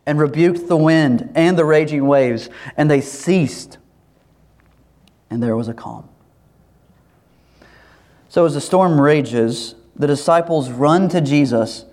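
A pastor preaching a sermon in a lively, animated way, acting out voices as he tells the story. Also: medium pitch, slow, long pauses. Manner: animated, acts out quoted voices, laughs.

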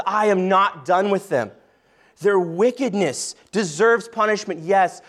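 A man preaching a sermon, reading scripture aloud and slowing down and softening his voice to stress key points. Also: a little high. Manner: earnest preaching, slows and softens for emphasis. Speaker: pastor.

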